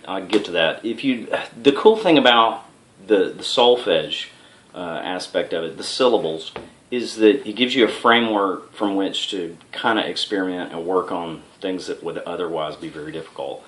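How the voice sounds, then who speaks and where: A man giving a casual music lesson, talking in a relaxed, rambling way with fillers and restarts, and chanting rhythm syllables. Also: deep voice. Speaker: music teacher. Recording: echoey room with faint noise.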